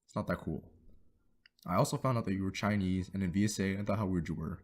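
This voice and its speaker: A man's voice: low voice, quick pace. A young man giving a teasing, affectionate farewell message to a graduating friend. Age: young adult. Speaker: student club member.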